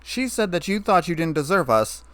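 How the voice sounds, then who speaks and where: Brief: boastful, teasing pony mare, pitched up, as a male reader puts her on, dry. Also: very animated, normal speed, a bit bright, dry recording. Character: brash, cocky tomboyish female pegasus.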